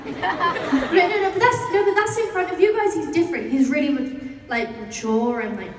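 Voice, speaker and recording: A woman's voice: high-pitched, brisk. A young woman with a British accent, a convention panel guest answering fan questions in a chatty way, laughing often and using many fillers. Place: large convention hall. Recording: echoey hall from far off, crowd noise.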